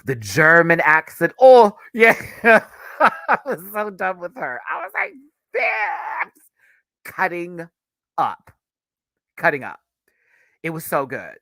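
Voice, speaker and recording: A young man hosting a casual review video, talking in an animated, sassy way with frequent laughter. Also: medium pitch, no echo. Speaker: reaction video host.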